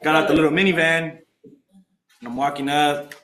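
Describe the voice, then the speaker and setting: Young guy w a socal telling his story, slangy, acts out voices, kinda high voice, echoey room. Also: moderate pace, a crowd in the background. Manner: animated, acts out quoted voices, streetwise slang. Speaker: alumni speaker sharing recovery story. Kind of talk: casual storytelling to a group. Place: meeting room.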